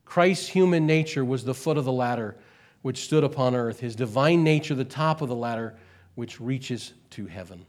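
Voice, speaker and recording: A man preaching a sermon, swinging between quiet and loud and slowing on key words, repeating phrases for emphasis. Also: mid-range voice. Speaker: pastor.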